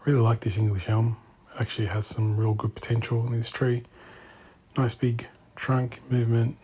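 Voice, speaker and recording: A man giving a casual walk-through commentary in an indoor exhibition room, speaking in quiet, murmured remarks that often drop to a whisper. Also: mid-range voice, little pitch movement, moderate pace, slightly rough. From Australia. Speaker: bonsai channel host.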